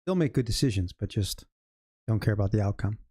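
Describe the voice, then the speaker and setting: A man's voice: on the low side, expressive, fairly quick, mellow, slightly rough, no room sound, studio quality. A man live-streaming his day trading, talking loosely to himself and his chat and swearing freely. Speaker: day trader livestreaming.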